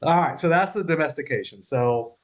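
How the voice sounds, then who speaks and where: A man's voice: fairly high pitch, expressive, a little fast, rough recording. Casual, loose-talking man on a podcast. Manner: loose and conversational, swears, laughs, keeps asking "right?". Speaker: podcast host. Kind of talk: casual explanatory podcast talk.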